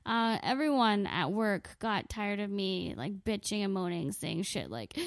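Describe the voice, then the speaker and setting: A woman's voice: medium pitch, expressive, unhurried, few pauses, no echo. A woman telling a comic story in a profane, sarcastic, self-mocking way. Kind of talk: comedic storytelling monologue.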